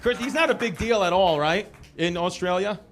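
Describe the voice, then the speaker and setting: A man with a New York accent doing stand-up crowd work, telling loud, rowdy stories with shouted impressions. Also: sits high, normal speed. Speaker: stand-up comedian. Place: comedy club stage. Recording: live club recording with noisy crowd. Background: crowd laughter.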